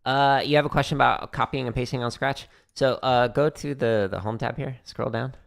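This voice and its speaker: A man's voice: mid-range voice, brisk, creaky. A man hosting a casual livestream Q&A from his home drum studio, explaining rudiments between practice runs and laughing easily. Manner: relaxed, laughs often, hums drum patterns. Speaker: drumming teacher streaming practice.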